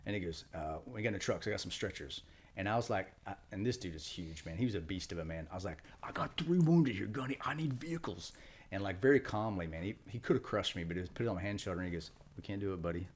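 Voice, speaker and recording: Man, middle-aged, retired Marine guest, very low voice, rapid storytelling. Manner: fast, animated war storytelling with acted quotes. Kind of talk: storytelling interview.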